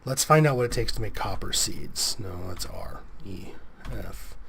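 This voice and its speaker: A man's voice: fairly low pitch, lively intonation, unhurried, creaky, background noise. A man giving casual, rambling gameplay commentary as a let's play host, a bit sniffly with a cold coming on. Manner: rambling, self-correcting, chatty.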